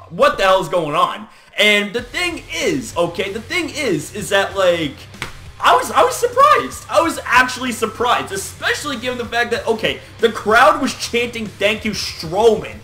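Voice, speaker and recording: A man giving a casual wrestling recap as a vlogger, excitable and full of fillers and swearing. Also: high-pitched.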